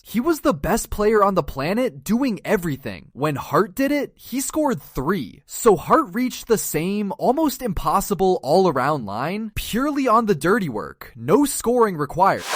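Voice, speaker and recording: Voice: mid-range voice, no room sound, clean studio sound. A narrator delivering a scripted sports breakdown in a punchy, emphatic way, hitting each statistic hard.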